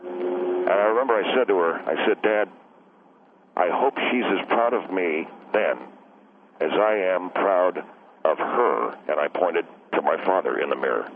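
Speaking a little slowly in a low-pitched voice with lively intonation, an actor plays a touchy, rambling middle-aged husband calling into a radio comedy show. He's defensive and confuses "he" with "she." The call sounds tinny, with slight background noise.

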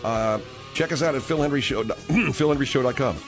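A man's voice: mid-range voice, a little fast, soft background music. A man hosting a radio talk show, bickering with his co-host and coughing from a tickle in his throat. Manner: exasperated, bickering.

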